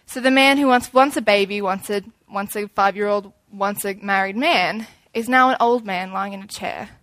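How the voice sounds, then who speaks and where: A young woman gives an informal sermon, chatty and animated, acting out little scenes as she goes. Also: medium pitch, moderate pace, no echo.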